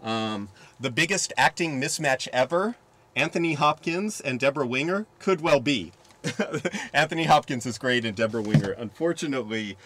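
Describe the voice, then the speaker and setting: A man's voice: mid-range voice, fairly bright tone, a little hiss or hum. Rambling public-access movie reviewer, man. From San Francisco Bay Area. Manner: rambling, halting with frequent fillers.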